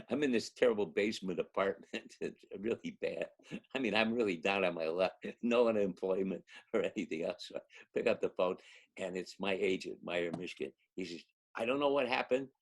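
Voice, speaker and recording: An older man, an actor guest, telling a long anecdote in an animated way, acting out the quotes and laughing often. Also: deep voice, a little fast. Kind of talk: anecdotal storytelling.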